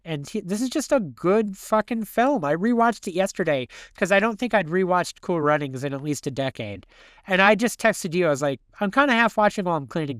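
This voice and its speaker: A man co-hosting a podcast in casual movie chat, animated and swearing freely as he talks. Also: high voice, dry recording, studio quality. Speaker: podcast co-host.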